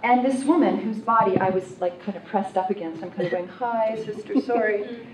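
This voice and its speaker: A woman telling a personal story at a workshop in an animated, self-mocking way. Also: medium pitch, a little fast, a crowd in the background. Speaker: workshop participant. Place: conference workshop room. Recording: roomy, distant, noisy room mic.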